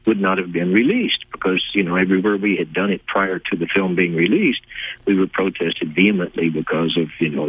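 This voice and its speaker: An older man with a Texan accent tells stories in a lively way, laughing often, as the guest on a phone interview. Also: deep voice, slightly rough, no echo. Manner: warm, laughing, enthusiastic storyteller. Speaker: guest actor. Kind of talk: phone interview, casual storytelling. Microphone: telephone. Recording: dry, tinny phone line.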